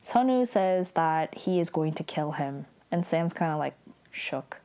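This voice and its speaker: A woman's voice: deep voice, expressive, unhurried, dark tone. Chatty young woman recapping a drama. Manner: chatty, heavy use of "like", acts out quotes with laughs.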